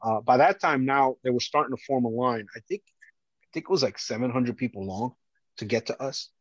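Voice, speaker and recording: A man's voice: medium pitch, fairly quick, dry recording, lo-fi sound. A former police officer telling his own story as a podcast guest, intense and emphatic, repeating phrases for weight. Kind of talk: emotional first-person storytelling.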